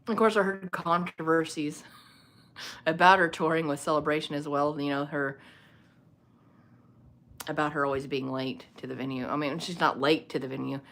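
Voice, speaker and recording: A woman's voice: low voice, fairly bright tone. A woman chatting casually on a phone livestream at home, rambling and laughing often as she reads viewer comments. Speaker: livestream host. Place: home room lit by a small ring light.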